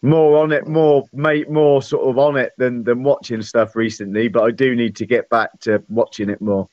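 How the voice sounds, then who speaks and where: A man's voice: mid-range voice, little pitch movement, moderate pace, darkish tone, no echo, lo-fi sound. A man with an English accent, a guest on a livestream, chatting in a friendly, hesitant way with many restarts. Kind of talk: casual livestream chat.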